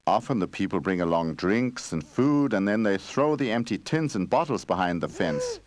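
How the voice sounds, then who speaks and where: A man voicing an old wandering bear who speaks loudly and earnestly in a storybook game. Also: fairly low pitch, very animated, normal speed, a little hiss or hum. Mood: grave. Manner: loud, urgent speech.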